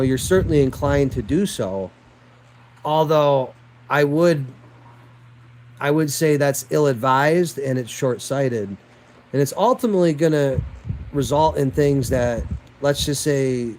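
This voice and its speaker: A man's voice: mid-range voice, slight background noise, low-quality recording. A man in the middle of a rambling rant, talking straight at his viewers. He circles back to the same defiant phrases again and again, and now and then he drops into crude, profane language. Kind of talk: ranting monologue to viewers.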